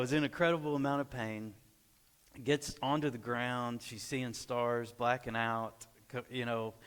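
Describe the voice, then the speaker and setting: A man in his forties from Arkansas, telling a lively personal story at church and acting out the dialogue. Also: mid-range voice, clean tone. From Arkansas, USA. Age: 40s. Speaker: church speaker. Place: church sanctuary. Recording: echoey church hall.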